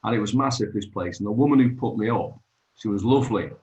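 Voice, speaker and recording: A man's voice: fairly low pitch, quick pace, a little mellow, highs cut off. A man, hosting an open mic over a video call and chatting in a rambling, storytelling way. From Manchester, England. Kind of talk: casual chat.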